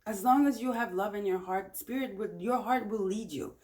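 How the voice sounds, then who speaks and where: A woman's voice: mid-range voice, normal speed, a little mellow. A woman giving a casual pick-a-card tarot reading, chatty and encouraging, often repeating her phrases. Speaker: tarot reader.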